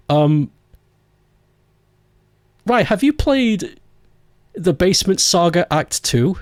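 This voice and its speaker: A man's voice: high voice, sing-song, slow, pauses often, no room sound, studio quality. A man chatting casually on a live stream, joking around, laughing often and swearing freely.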